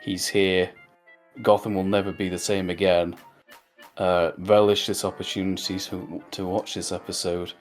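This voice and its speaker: A man's voice: low-pitched, little pitch movement, normal speed, soft background music. A man co-hosting a casual review chat, rambling through jokey recaps with lots of fillers. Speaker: podcast co-host.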